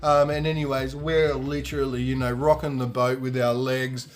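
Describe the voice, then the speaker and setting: A man's voice: mid-range voice, normal speed. A young man hosting a podcast, telling a festival story casually, acting out the voices and swearing freely. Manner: animated, acts out quoted voices, swears freely. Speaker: podcast host.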